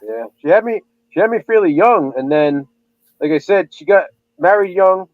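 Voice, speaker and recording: A man's voice: sits high, animated, normal speed, no room sound, narrow, tinny audio. A man in his thirties chatting casually, telling rambling stories and crude jokes. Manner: crude joking, rambling storyteller. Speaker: podcast co-host. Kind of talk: casual chat.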